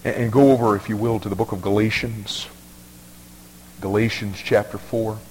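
A man's voice: fairly low pitch, steady tone, normal speed, a little mellow, slight background noise. A male pastor preaching a sermon in a folksy, emphatic way, often repeating words as he restarts. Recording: long reverb of a large hall.

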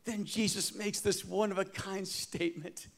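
A man preaching a sermon as pastor, swinging from loud emphasis to hushed tones and calling on the congregation to respond. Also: sits high, steady tone, moderate pace, vocal fry.

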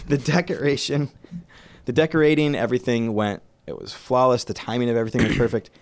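A man's voice: mid-range voice, brisk. A man co-hosting a casual podcast chat, joking and laughing often, recorded on a close studio mic. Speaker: podcast co-host.

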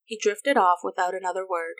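A woman reading a story aloud as narrator, in an even, unhurried manner. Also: mid-range voice, no room sound. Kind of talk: reading fan fiction aloud.

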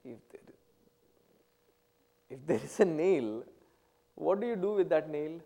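High-voiced man teaching, slowly. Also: animated, vocal fry, dark tone, in a large hall. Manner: unhurried storytelling, explains terms one by one. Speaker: spiritual teacher. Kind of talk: spiritual discourse with anecdotes.

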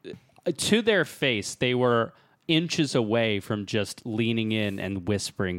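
A man's voice: fairly low pitch, measured pace, a bit bright, no room sound, clean studio sound. A man co-hosting a casual movie podcast, joking and laughing often. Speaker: podcast co-host. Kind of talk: casual chat reviewing a movie.

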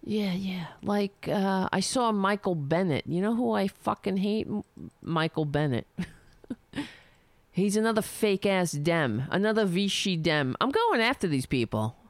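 A woman's voice: medium pitch, animated, a little slow, no room sound. A woman delivering a heated, sarcastic, profane political rant, speaking for herself. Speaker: political commentator.

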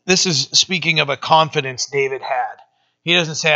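Gravelly, bright-voiced male pastor. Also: a little high. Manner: conversational, many fillers, reads verses slowly. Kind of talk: casual verse-by-verse sermon. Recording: dull lo-fi sound.

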